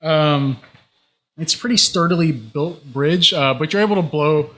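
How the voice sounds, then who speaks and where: Man, game master, tabletop game narration, casual, slightly high voice. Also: normal speed, fairly bright tone. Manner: casual, explains rules with fillers.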